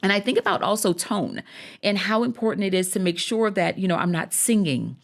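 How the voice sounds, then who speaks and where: A woman's voice: medium pitch, fairly quick, creaky. A woman hosting a podcast interview, affirming her guest and laughing easily. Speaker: podcast host.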